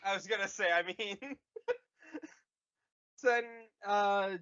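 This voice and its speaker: A man co-hosting a podcast, recapping a movie comedically and acting out characters in quick bursts. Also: high-pitched, bright, forceful tone, clear, resonant tone, dull audio. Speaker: podcast co-host.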